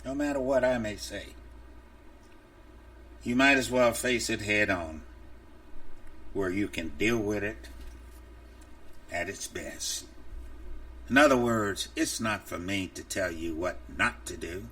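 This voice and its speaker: A man's voice: on the low side, slow pace, pauses often, a bit bright, distant mic. A male preacher delivering an impassioned, emphatic sermon for a podcast, openly angry.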